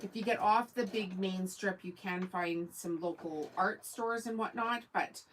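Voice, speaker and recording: A Canadian woman with a mid-range voice, a little slow, hosts a casual sewing livestream and rambles through answers to viewer comments. The low-quality recording has a little hiss or hum.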